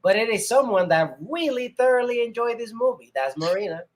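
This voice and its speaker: A man's voice: very high voice, lively intonation, brisk. Joking man hosting a podcast. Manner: joking, playful asides. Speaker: podcast host. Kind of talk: casual chat.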